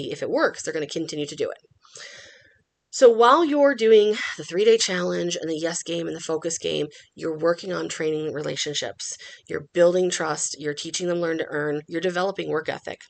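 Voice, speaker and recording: A woman's voice: a little fast, vocal fry. A middle-aged woman hosting a dog-training podcast, explaining methods in an instructional tone and acting out the dogs' thoughts in a playful voice. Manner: animated, acts out dog thoughts in a high playful voice.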